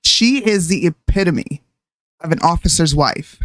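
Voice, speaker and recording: A woman's voice: fairly low pitch, expressive, measured pace. A woman co-hosting a casual political livestream, opinionated and talking over clips. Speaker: co-host.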